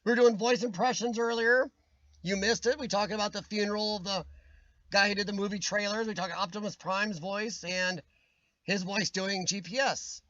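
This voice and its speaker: A man's voice: high-pitched, steady tone, moderate pace, a bit bright, dry recording, highs cut off. A man hosting a casual live-stream chat, ranting with strong opinions and answering viewers' comments by name, his voice starting to wear out. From United States. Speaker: livestream host reading chat.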